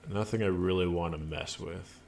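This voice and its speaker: A man's voice: deep voice, steady tone, normal speed, vocal fry, darkish tone, slight background noise. A man streaming a video game, making casual commentary with playful asides as he reads the dialogue aloud.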